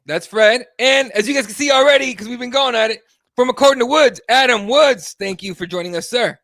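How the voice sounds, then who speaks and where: A man hosting a podcast in casual chat, blunt and profane and animated as he reads comments. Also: extremely high pitch, a little fast, no room sound, clean studio sound. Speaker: podcast host.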